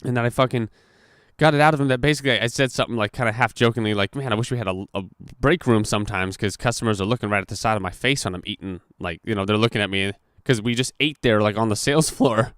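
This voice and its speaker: Casually telling a story on his podcast, a young adult host swears plenty and acts out quotes with animation. His low voice is clean-toned and quick, recorded dry with clean studio sound.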